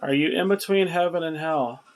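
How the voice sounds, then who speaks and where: Man questioning spirits, patient and slow. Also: a little high, low-quality recording. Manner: questioning, patient, asks slowly and repeatedly. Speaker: paranormal investigator. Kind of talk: spirit box session.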